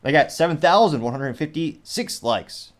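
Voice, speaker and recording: A man with a fairly high, expressive voice speaks at a normal speed. He hosts a casual commentary show, reading social media comments aloud and adding wry, rambling asides while often correcting himself.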